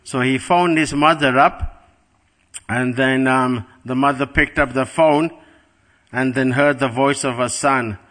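A man's voice: mid-range voice, steady tone, a little slow, fairly bright tone. A middle-aged man giving a devotional class, telling a story in an earnest way and repeating words for emphasis. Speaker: spiritual teacher.

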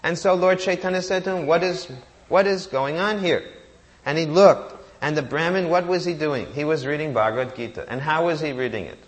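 A man's voice: fairly high pitch, quick pace, hardly any pauses. A man giving a sermon, reciting Sanskrit verses and asking rhetorical questions that he answers himself. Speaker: preacher.

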